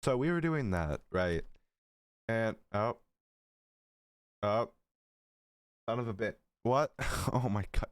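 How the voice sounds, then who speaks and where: A man's voice: on the low side, no room sound, clean studio sound. A man in his late teens telling a story to camera in a casual, rambling way, with lots of fillers and swearing. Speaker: vlogger.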